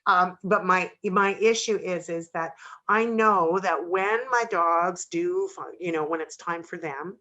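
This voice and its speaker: A woman's voice: lowish voice, fairly even intonation, unhurried, sharp tone, highs cut off. A woman hosting a radio interview, talking sincerely about her own dogs. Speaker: radio host.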